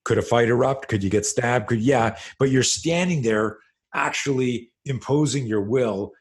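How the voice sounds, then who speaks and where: Speaking at a moderate pace with a mid-range pitch, a middle-aged self-defense instructor relates a tale in an interview. Lively and foul-mouthed, he swears freely and plays out the action as he tells it.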